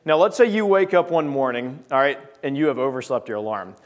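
A male preacher giving a sermon with an object lesson, talking straight to the congregation in an animated way. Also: mid-range voice, a little fast, muffled recording.

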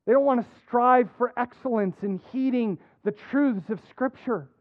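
A man preaching a sermon as a pastor, earnest, dropping soft and then rising to emphatic points. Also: very high-pitched, moderate pace, no echo. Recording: dry phone-like narrow sound.

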